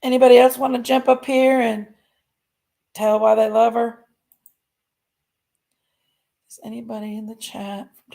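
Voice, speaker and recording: Woman, livestream host, gravelly fry, folksy rambling delivery. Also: a little high, warm tone. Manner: rambling, folksy, talks to chat. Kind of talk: casual livestream chat.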